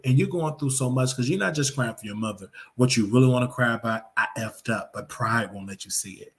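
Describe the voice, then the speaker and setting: A man's voice: mid-range voice, a little fast, hardly any pauses. A man hosting a live reaction commentary show, talking in an emphatic, preachy way and repeating his points.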